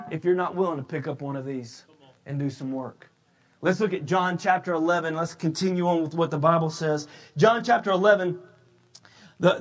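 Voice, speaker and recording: A man preaching a sermon, shouting his emphatic points and then slipping into a loose, conversational retelling full of restarts. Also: sits high. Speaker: pastor.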